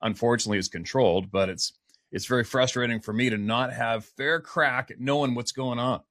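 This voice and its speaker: A man interviews his guests in a blunt, frustrated way and swears freely. His voice sits at a middle pitch and sounds dry and close. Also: brisk, a bit bright, no echo. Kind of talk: casual interview chat.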